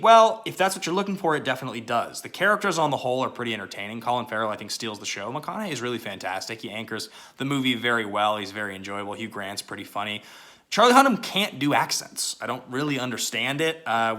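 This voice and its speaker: A man's voice: mid-range voice, pushed and bright. A man hosting a casual movie review channel, chatty and loose, with lots of fillers and asides.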